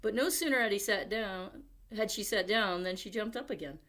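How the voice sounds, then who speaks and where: A woman at a library reading a picture book aloud, expressive, with chatty asides to young listeners. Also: mid-range voice, normal speed. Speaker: library storyteller.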